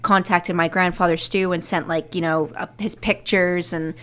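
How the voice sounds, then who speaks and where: A woman's voice: lowish voice, steady tone, normal speed, fairly bright tone, clean tone. A woman guest in a casual interview, telling family stories with lots of fillers and acted-out quotes. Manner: chatty, many fillers, acts out family quotes.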